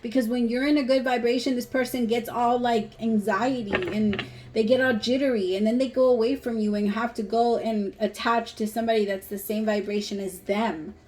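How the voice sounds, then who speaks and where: A woman's voice: a little high, steady tone, normal speed, darkish tone. A woman giving a casual tarot reading to camera, talking bluntly and emphatically and swearing freely. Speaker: tarot reader.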